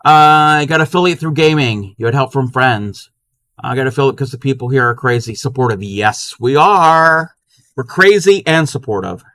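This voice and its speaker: A man chatting casually with his live-stream chat while crocheting, sometimes counting stitches quietly to himself. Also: mid-range voice, normal speed.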